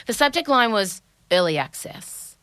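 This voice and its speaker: A woman's voice: mid-range voice, very animated, sharp tone, smooth. A woman, hosting a comedy podcast in a playful, riffing way. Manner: playful, riffing, quick to laugh. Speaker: podcast host. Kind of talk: casual comedic chat.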